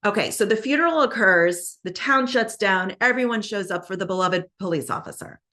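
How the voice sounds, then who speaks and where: A woman hosting a podcast, telling a true-crime story in a casual, chatty way with many fillers and quick acted-out quotes. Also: medium pitch, sharp tone. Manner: conversational, many fillers, acts out quoted lines. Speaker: podcast host.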